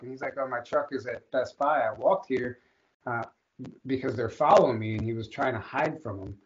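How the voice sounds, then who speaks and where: Man, podcast guest, rambling animated storytelling, mid pitch, muffled lo-fi audio. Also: moderate pace. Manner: rambling, animated retelling with restarts. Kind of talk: casual storytelling in a podcast interview. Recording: dull lo-fi audio.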